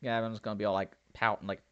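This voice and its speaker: A man's voice: fairly low pitch, level tone, fairly quick, fairly bright tone. A man playing through a story game, reading the characters' lines in his own voice and breaking off to joke and theorize. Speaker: let's play commentator. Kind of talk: game playthrough reading dialogue aloud.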